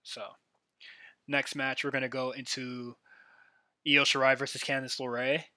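A man's voice: medium pitch, little pitch movement, unhurried, sharp tone, no room sound, studio quality. A man hosting a solo podcast, giving a casual, rambling recap full of fillers and restarts. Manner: rambling, filler-heavy, enthusiastic fan talk. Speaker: podcast host.

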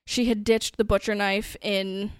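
A woman's voice: mid-range voice, flat delivery, measured pace, clear, resonant tone, dry recording, clean studio sound. A woman co-hosting a podcast, casually retelling a true-crime case with lots of fillers and some swearing. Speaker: podcast co-host.

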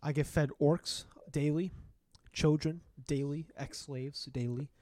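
A man's voice: on the high side, fairly even intonation, slow, warm tone, no room sound, pitched above the performer's own voice. A man voicing a laid-back, well-fed male black bear that roars and talks about snacks and belly rubs. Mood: content. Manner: roaring, then relaying the bear's words.

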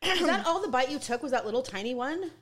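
A woman's voice: sits high, fast talker, slight background noise. A woman co-hosting a casual podcast chat, swearing and laughing while her mouth burns from hot sauce. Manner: animated, swearing, laughing through burning-mouth complaints. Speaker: podcast co-host.

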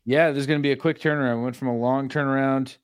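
A man's voice: medium pitch, steady tone, quick pace, clean tone, no echo, clean studio sound. Rambling casual podcast co-host, man. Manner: rambling, filler-heavy, joking. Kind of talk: casual chat.

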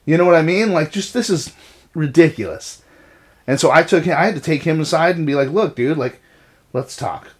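A middle-aged man co-hosts a casual podcast talk show, swearing freely and speaking bluntly as he shares stories about raising his kids. His voice sits on the high side and moves fairly quickly.

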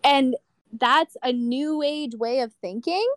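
A young woman guest on a podcast, speaking in a slightly high voice with blunt, impassioned conviction and plenty of swearing. Her voice sounds close and dry, with no room around it. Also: slow pace, no echo. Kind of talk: candid casual chat.

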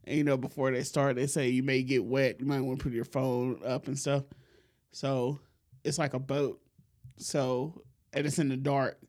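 A man hosting a podcast, telling a long, profane story in a relaxed way and laughing often. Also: medium pitch, normal speed. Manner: laid-back, profane, laughs often while telling stories. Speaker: podcast host. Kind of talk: casual storytelling chat.

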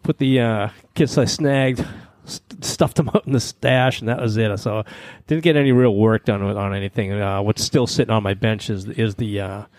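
A man hosting a casual hobby podcast, talking in a relaxed way with plenty of fillers. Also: lowish voice, moderate pace, few pauses, no echo. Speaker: podcast host. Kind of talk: casual chat.

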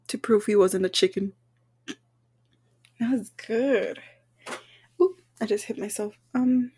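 A woman's voice: a little high, unhurried, long pauses, mellow, breathy edge. A young woman hosting a casual solo podcast, nervous, self-conscious and apologetic, recording at home. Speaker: podcast host. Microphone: home microphone.

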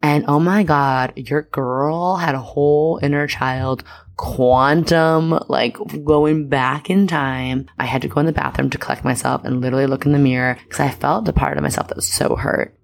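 Chatty woman with heavy vocal fry. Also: sits low, fairly even intonation, normal speed. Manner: chatty, many "like" fillers, candid swearing. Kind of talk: casual monologue.

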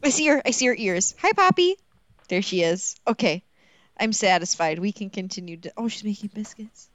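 A woman's voice: mid-range voice, fairly quick, no echo. A young woman co-hosting a podcast in casual chat, giggly and bubbly, saying "like" often. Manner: bubbly, giggly, says "like" a lot. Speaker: podcast co-host.

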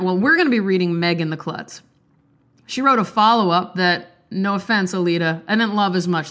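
A young woman chatting casually, then reading a children's book aloud and lifting her pitch for the characters' lines. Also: moderate pace, a bit bright. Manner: chatty, playful, voices characters with pitch lifts. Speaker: book reader and commentator.

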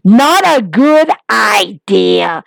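A woman hosting a casual wrestling recap, talking excitedly and repeating herself for emphasis. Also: mid-range voice, extremely slow, creaky, no echo. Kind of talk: casual spoken recap to viewers.

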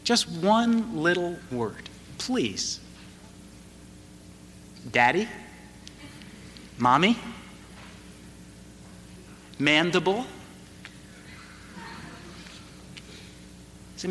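A middle-aged man preaching a sermon, telling a family story slowly and deliberately, building to emphatic moments. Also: high-pitched, sing-song, sharp tone, slight background noise. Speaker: pastor. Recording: reverberant hall, faint ambience.

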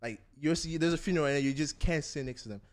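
A man's voice: fairly high pitch, fast. A young man hosting a casual football podcast, joking and rambling. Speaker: podcast host. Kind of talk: casual chat.

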